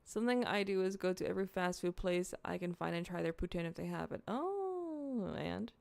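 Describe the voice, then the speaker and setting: Young woman streamer, loose rambling chat, cusses a lot, gravelly fry in the voice. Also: on the low side, animated, moderate pace, darkish tone, no room sound. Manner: chatty, rambling, swears freely, talks to chat. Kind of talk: casual livestream chat, eating on camera.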